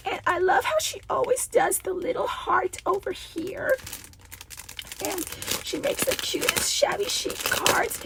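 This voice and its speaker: Raspy, high-pitched gushing woman. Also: measured pace, distant mic, noisy background. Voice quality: raspy double-toned voice. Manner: gushing, with many breathy half-whispered asides. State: hoarse. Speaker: craft channel host. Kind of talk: casual unboxing vlog.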